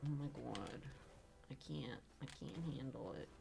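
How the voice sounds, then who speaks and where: A man streaming live gameplay, rambling to himself and his chat, swearing and breaking into loud frustrated outbursts. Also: medium pitch, unhurried, gravelly. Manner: self-talk with teasing asides.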